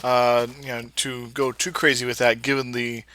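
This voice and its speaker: A man's voice: mid-range voice, flat delivery, normal speed, sharp tone. A man giving casual, rambling commentary over his own gameplay, full of fillers and restarts. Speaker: Let's Play creator.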